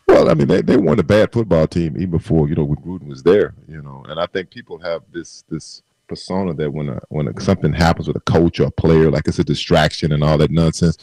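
A man's voice: a bass voice, lively intonation, fast, gravelly, few pauses, dark tone, no room sound. A man on a sports radio show making a firm point, acting out back-and-forth conversations to back it up. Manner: emphatic, argues by acting out conversations. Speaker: football analyst.

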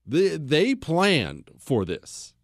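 Animated, blunt male history podcaster. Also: a little high, extremely slow, no room sound, clean studio sound. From United States. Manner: animated, blunt, sarcastic asides. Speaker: podcast host. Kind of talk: opinionated history talk.

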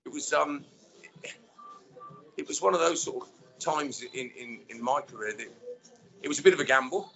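A man, a former footballer, telling stories in a relaxed interview chat with many fillers. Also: mid-range voice, moderate pace, gravelly, pauses often, faint music behind. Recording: dull lo-fi sound.

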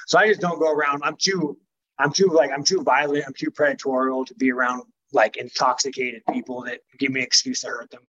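A man's voice: medium pitch, steady tone, a little fast, fairly bright tone, highs cut off. A man speaking as a professional fighter in a casual interview, blunt and profane, rambling with many fillers.

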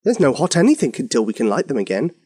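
A man's voice: mid-range voice, very animated, quick pace, darkish tone, husky. A man doing an apologetic castle cook. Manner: apologetic, matter-of-fact.

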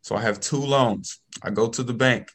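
A man guest telling a story about starting in real estate in a casual, animated way, often checking in with "okay?" and "right?". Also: mid-range voice, normal speed, breathy edge.

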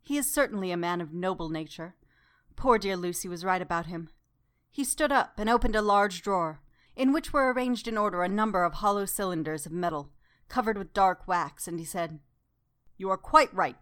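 A woman reading a classic novel aloud as narrator in a calm, measured way. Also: on the low side. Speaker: audiobook narrator. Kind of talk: scripted literary narration.

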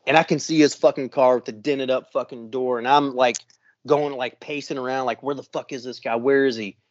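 A man's voice: mid-range voice, brisk, no echo. A man telling a story in a casual podcast chat, swearing constantly and acting out what others said. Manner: profane, animated storyteller acting out quotes. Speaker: podcast co-host. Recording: muffled lo-fi dry sound.

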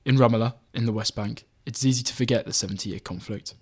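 A man reading his own magazine article aloud in measured, even scripted narration. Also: medium pitch, husky.

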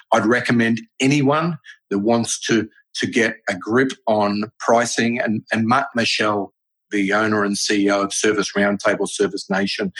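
Husky-voiced businessman, earnest and rambling. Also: on the low side, rough recording. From Australia. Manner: rambling, earnest, with many restarts. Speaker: business owner guest. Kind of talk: podcast interview answers.

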